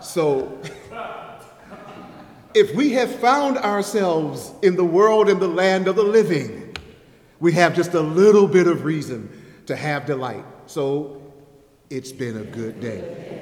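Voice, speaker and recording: A man's voice: a little high, takes it slowly, long pauses. A man giving a sermon at a church, reciting a rhyming spoken-word poem with a playful rhythm and leading the congregation in call-and-response. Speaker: guest speaker at a church service. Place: church sanctuary. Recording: echoey hall with long reverb.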